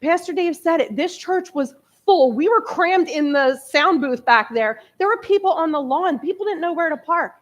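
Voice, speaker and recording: A woman's voice: very high-pitched, lively intonation, moderate pace, few pauses. A woman in her early forties giving a candid, emotional personal testimony as a guest speaker in a church. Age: 40s. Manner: candid, conversational, emotional storytelling. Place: church sanctuary.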